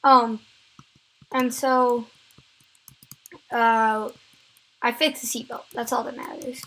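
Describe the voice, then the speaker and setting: A woman's voice: on the high side, level tone, takes it slowly, long pauses, pushed and bright, slight background noise, low-quality recording. A woman vlogger telling a story time tale, rambling with many fillers and restarts.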